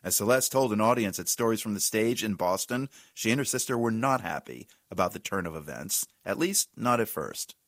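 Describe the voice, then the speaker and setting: A man hosting a radio program, reading a calm, measured introduction. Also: fairly low pitch, dry recording, studio quality. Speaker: radio show host.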